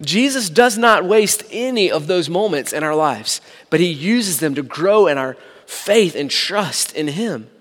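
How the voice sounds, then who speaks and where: A man preaching a sermon, animated, acting out the people in the story with sarcastic asides. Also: fairly high pitch, measured pace. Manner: animated, acts out quoted dialogue, sarcastic asides. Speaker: pastor. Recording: long hall reverb.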